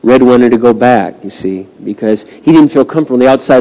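A male pastor preaching a sermon, swinging from hushed, slow passages to loud, drawn-out climaxes. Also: medium pitch. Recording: long reverb of a large hall.

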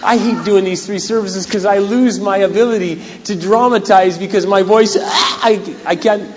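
A man preaching a sermon as pastor, dramatic and humorous, acting out scenes, his voice going hoarse. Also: high-pitched, steady tone, normal speed, noisy background. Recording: echoey hall on dull lo-fi recording.

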